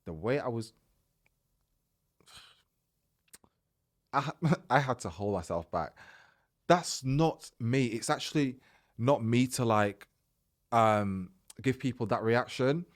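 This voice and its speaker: A man hosting a podcast, telling a personal story in a casual, animated way and acting out the dialogue. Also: medium pitch, slow pace, long pauses. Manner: animated, retells events by acting out quoted dialogue. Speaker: podcast host.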